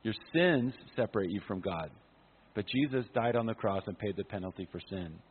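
A man, a pastor, preaching an impassioned sermon at a conference, swinging from loud to hushed. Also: on the low side, a little fast, slight background noise. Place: conference hall. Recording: phone-like sound with long hall reverb.

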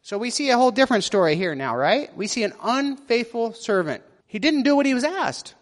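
A man's voice: very high-pitched, very animated, fairly quick, long reverb tail. A man preaching a sermon, reading scripture aloud and asking his listeners questions as he explains it. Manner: asks the listeners questions, reads verses with voiced quotes.

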